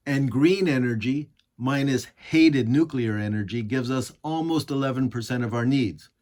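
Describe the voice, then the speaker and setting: A man from the United States reading scripted political commentary, sarcastic and indignant, full of rhetorical questions. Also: a little high. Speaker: commentary host.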